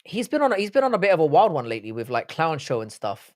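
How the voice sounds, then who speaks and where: A man's voice: a little high, wildly swooping pitch, fast, dry recording, clean studio sound. A man hosting a live stream, chatting casually, reading chat comments aloud and answering with swearing banter. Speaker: livestream host.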